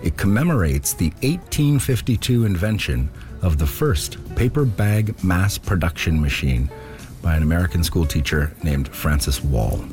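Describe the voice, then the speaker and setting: A man hosting a radio show, talking in a relaxed, chatty way between segments. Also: sits low, moderate pace, faint music behind. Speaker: radio host. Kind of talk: casual radio talk.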